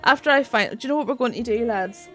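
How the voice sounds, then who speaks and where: A woman's voice: fairly high pitch, fast talker, sharp tone, faint music behind. A woman with a Northern Irish accent chatting casually while streaming a game, swearing freely and laughing often. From Northern Ireland. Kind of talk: casual live-stream chat while gaming.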